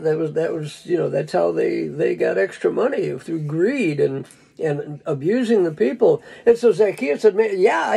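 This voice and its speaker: A man's voice: high-pitched, warm tone, rough recording. A man preaching a casual, folksy sermon, rambling and chuckling, calling people "dude". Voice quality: gravelly, husky.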